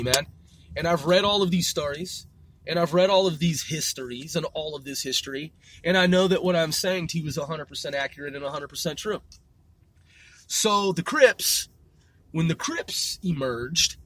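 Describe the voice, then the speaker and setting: A man's voice: high-pitched, fairly bright tone. A man ranting in a rambling casual monologue, profane and full of street slang, circling back and repeating himself. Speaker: vlogger.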